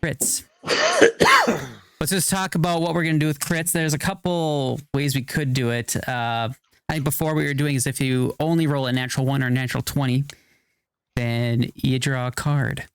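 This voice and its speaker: Easygoing guy dm, smooth clear voice, dry sound. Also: medium pitch, big pitch swings, moderate pace, fairly bright tone, no room sound. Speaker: game master. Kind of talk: casual chat at a game table.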